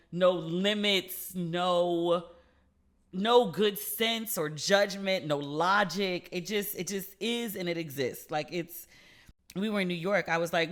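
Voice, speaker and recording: A woman's voice: on the low side, a bit bright. A woman hosting her own podcast, chatting casually and animatedly, acting out both sides of a conversation with plenty of swearing. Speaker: podcast host. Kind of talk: casual solo podcast chat.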